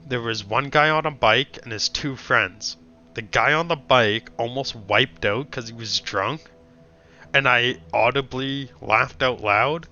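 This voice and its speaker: Profane ranting young man, bright voice. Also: medium pitch, unhurried, faint music behind. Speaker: streamer. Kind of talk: casual chat. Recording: dull lo-fi stream audio.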